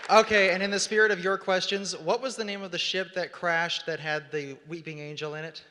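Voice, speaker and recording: A man's voice: high voice, steady tone, fairly quick, crowd noise. A man in a convention audience asking a guest questions, eager and polite, laughing along. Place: convention hall audience mic. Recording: echoey hall with background noise.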